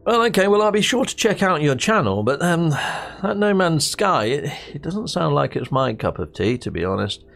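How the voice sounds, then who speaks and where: A man's voice: on the high side, sing-song, moderate pace, vocal fry, a bit bright, faint music behind, full character voice. A man voicing a skeptical interviewer who asks dry, doubtful questions. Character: skeptical male interviewer quizzing a gamer.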